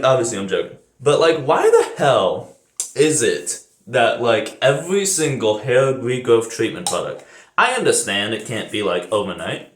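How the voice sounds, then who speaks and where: A man's voice: medium pitch, echoey room. A young American man rambling casually in a vlog, swearing freely and laughing at his own jokes. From United States. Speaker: vlogger. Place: bathroom shower, then indoors.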